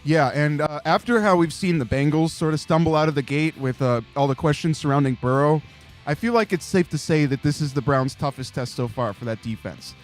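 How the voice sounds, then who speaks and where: Eager higher-voiced male sports co-host. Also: a little fast, soft background music. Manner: eager, chatty, lots of "like" fillers. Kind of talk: casual sports chat.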